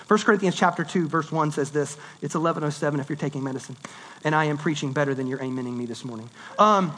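A man preaching a sermon in a conversational, animated way, swinging between loud and hushed delivery. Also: high-pitched. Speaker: pastor.

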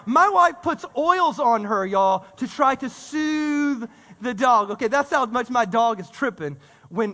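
A man preaching a casual, animated sermon, full of story and slang, with frequent repeated words. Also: very high voice. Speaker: pastor. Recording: long reverb of a church hall.

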